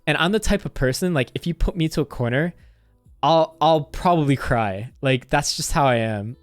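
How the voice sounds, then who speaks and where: A man's voice: a little high, animated, moderate pace, no echo, studio quality. A young man streamer casually telling a story, rambling with constant "like" fillers and swearing.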